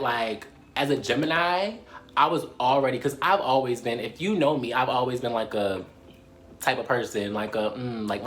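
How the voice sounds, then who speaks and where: A young man from Baltimore with a Baltimore accent, telling a personal story to camera in a lively, profane way and addressing viewers as "y'all". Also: medium pitch, slight background noise. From Baltimore, USA. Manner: animated, swears a lot, laughs often, addresses viewers as "y'all". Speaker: storytime vlogger.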